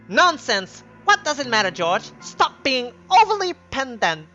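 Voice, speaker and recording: A man voicing a haughty upper-class mother in a game, imperious and shrill. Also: big pitch swings, slow, sharp tone, muffled recording, soft background music, full character voice.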